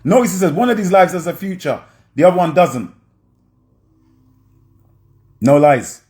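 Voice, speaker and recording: A man with a fairly high voice talks his audience through film scenes. His delivery is emphatic, almost preacher-like, and he keeps checking in with his listeners. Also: expressive, moderate pace, darkish tone. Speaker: film commentator.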